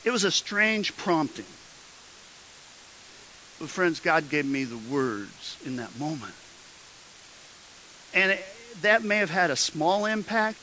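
A man preaching a sermon, his voice bright and forceful and a little high. He tells his story in a loose, conversational way, stumbling and restarting, before rising into emphatic exhortation. A faint hiss sits under the recording. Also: poor audio. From Midwestern United States. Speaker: pastor.

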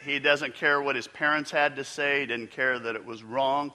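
A man's voice: mid-range voice, little pitch movement, normal speed, sharp tone. A pastor preaching a conversational sermon in a church, asking his congregation questions as he goes.

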